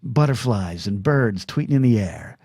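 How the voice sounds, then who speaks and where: On his solo podcast, a middle-aged man talks at a moderate pace in a fairly low, warm voice with lively intonation, recorded in clean studio sound with no echo. He's rambling and self-deprecating, tripping over restarts and briefly performing other people's voices.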